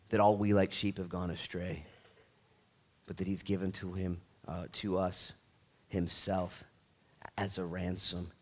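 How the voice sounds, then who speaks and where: A man with a fairly low voice preaching in church. He talks casually, with folksy asides and restarts. He builds from soft reflection into fervent, loud calls to action. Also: level tone, measured pace, pauses often. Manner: fervent, swings from quiet reflection to loud rallying. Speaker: pastor. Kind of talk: sermon.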